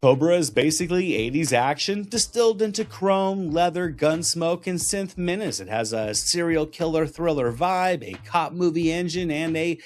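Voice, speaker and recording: Middle-aged male host, scripted reflective narration, easygoing, slightly high pitch. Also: normal speed, few pauses, soft background music. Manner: relaxed, reflective, affectionate.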